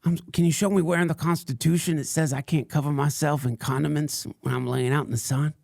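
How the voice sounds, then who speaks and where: A man's voice: on the high side, fairly even intonation, a little fast, gravelly, darkish tone, no echo, studio quality. A man voicing an unhinged male conspiracy crank who rambles through a crude, mock-solemn tirade in a comedic character monologue. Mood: ranting.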